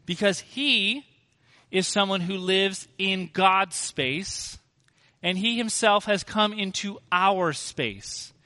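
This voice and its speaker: A man's voice: high-pitched, slow pace, sharp tone, big-room sound. A man preaching a sermon as pastor, earnest and emphatic, asking rhetorical questions.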